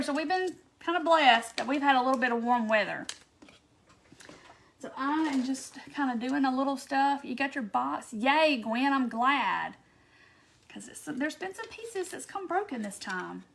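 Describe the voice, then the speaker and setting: A woman hosts a live craft session. She chats easily in a high voice and greets each viewer by name as she preps her project. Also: measured pace, creaky. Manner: chatty, greets viewers one by one. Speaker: craft livestream host. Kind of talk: casual livestream chat.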